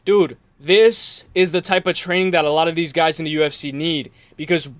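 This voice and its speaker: A young man hosting a casual fight-talk livestream from home, rambling and animated with sudden outbursts. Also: on the high side, normal speed, no echo. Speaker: MMA livestream host. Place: home room.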